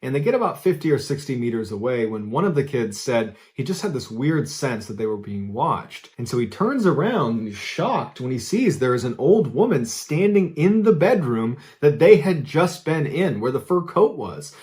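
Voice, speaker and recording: A man in the host's seat telling a creepy true story in a relaxed, conversational way. His voice sits at an ordinary middle pitch. He leans on key moments and builds suspense with steady emphasis. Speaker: host and storyteller. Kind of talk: casual storytelling.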